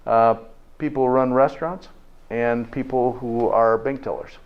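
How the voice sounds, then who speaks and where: A man's voice: mid-range voice, fairly even intonation, normal speed. A man giving a live health lecture to an audience in a folksy way, tagging his points with "okay?" and asking the room questions. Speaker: health presenter. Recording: dull lo-fi recording.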